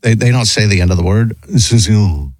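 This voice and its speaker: A man hosting a radio talk show, chatting casually and reading listener emails aloud, wondering aloud with quick asides. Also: fairly low pitch, no echo.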